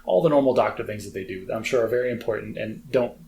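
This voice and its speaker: A man's voice: fairly low pitch, fast talker, vocal fry, darkish tone, a little hiss or hum. An American man co-hosting a podcast, talking in a chatty, self-deprecating way with lots of fillers. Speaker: podcast co-host. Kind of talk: casual chat.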